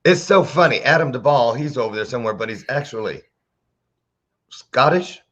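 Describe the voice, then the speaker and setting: Male talk show host, playful preacher-ish banter, animated pitch, muffled lo-fi call audio. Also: normal speed. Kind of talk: casual interview chat. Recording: dull lo-fi sound.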